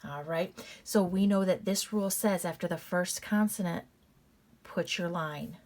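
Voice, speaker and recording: A woman with a lowish voice teaches a reading lesson at an unhurried pace. She lays out each pattern piece by piece and repeats it. She talks to her class in a casual way, calling them "you guys". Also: a little mellow. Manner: slow, deliberate, repeats patterns step by step.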